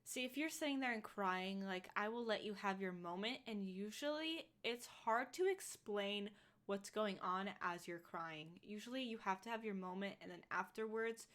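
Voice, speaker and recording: A woman's voice: mid-range voice, normal speed, a bit bright. Rambling woman in her twenties. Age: 20s. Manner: rambling, lots of fillers. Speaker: podcast co-host. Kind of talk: casual chat.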